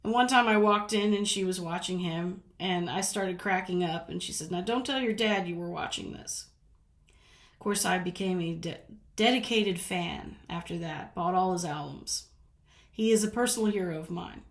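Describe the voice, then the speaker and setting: A woman's voice: on the low side, moderate pace. A woman from the American South telling rambling stories in a casual chat, laughing often. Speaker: vlogger. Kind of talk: casual storytelling. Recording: roomy echo.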